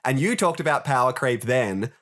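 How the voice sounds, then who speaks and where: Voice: medium pitch, expressive, fairly bright tone. Easygoing podcast co-host. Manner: easygoing, quick to laugh along. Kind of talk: casual comic-book podcast chat.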